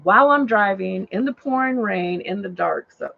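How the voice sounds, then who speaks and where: A woman's voice: medium pitch, normal speed, creaky. A woman and rideshare driver, animatedly telling a story from her car, says "like" and "oh my God" constantly. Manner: excitable, says "like" and "oh my God" a lot. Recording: dull lo-fi sound.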